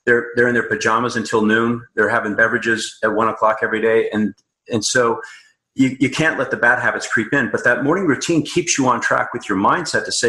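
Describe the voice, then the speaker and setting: A man's voice: mid-range voice, fairly even intonation, brisk, bright, forceful tone, reverberant. A man speaking as a guest coach in a casual interview, upbeat, emphatic and motivational.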